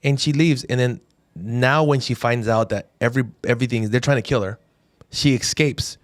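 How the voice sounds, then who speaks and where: A man's voice: medium pitch, moderate pace, no room sound. A man co-hosting a dental podcast, talking casually and animatedly retelling stories while quoting other people. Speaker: podcast co-host.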